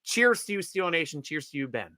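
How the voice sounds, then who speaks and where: Bright-voiced joking man hosting a stream. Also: fairly high pitch, quick pace, no echo, clean studio sound. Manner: joking, excitable, laughs a lot. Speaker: live stream host. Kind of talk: casual live draft stream chat.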